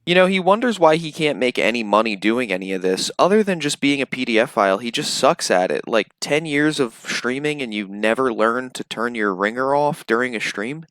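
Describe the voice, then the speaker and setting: A man's voice: medium pitch, expressive, brisk, few pauses, a bit bright, dry recording. Sarcastic male commentary narrator. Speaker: commentary channel host. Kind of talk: commentary voice-over.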